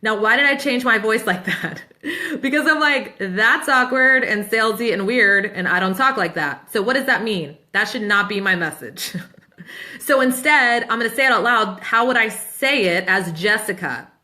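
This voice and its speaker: A woman in her thirties, a business coach answering questions in a casual live Q&A, chatty and upbeat and quick to laugh. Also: a little high, lively intonation, bright, forceful tone. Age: 30s.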